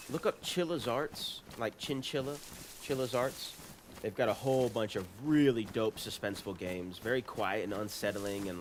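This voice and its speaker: Over a noisy background, a man with a lowish voice chats casually on a live game stream. He's playful, laughs a lot, tries out silly voices, and greets viewers in chat.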